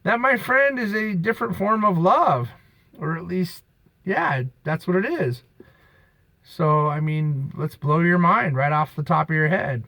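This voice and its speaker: A man's voice: sits high, animated, measured pace, gravelly, sharp tone, dry recording, poor audio. Rambling, preachy man with a dry sound. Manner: preachy, emphatic, drifts off-topic. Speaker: vlogger. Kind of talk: rambling monologue to camera. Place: outdoors on a beach.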